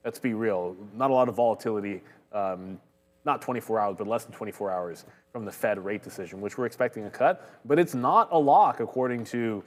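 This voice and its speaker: A man's voice: lowish voice, a little fast, big-room sound. A man hosting a live stock trading stream, casually explaining market rules and moves and hedging as he goes. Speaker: stock trading livestream host.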